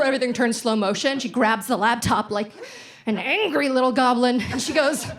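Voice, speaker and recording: A young woman in her twenties doing a stand-up comedy set on a theater stage, telling stories in a deadpan, self-deprecating way. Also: a little high, a little fast, noisy background.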